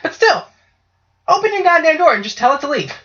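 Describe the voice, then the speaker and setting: A woman's voice: high voice, very animated, brisk, fairly bright tone. A woman in casual podcast chat, talking in a chatty, profane way and acting out voices. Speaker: podcast co-host. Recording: muffled lo-fi audio.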